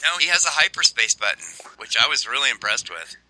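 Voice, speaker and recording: A man's voice: medium pitch, big pitch swings, fast talker, crowd noise, rough recording. An American man hosting a casual chat, bantering and laughing often. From United States. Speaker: show host.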